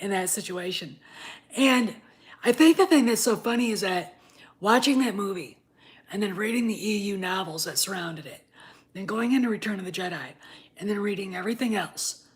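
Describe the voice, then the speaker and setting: Profane woman in her fifties ranting. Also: medium pitch. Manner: profane, heated, swings from muttering to shouting. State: drinking wine. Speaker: vlogger. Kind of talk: ranting casual vlog.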